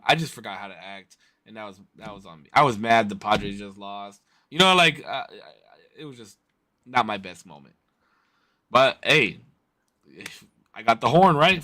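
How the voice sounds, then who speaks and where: A man's voice: medium pitch, brisk. A man hosting a podcast, telling a story in casual, profane chat. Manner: profane, animated retelling. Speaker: podcast host.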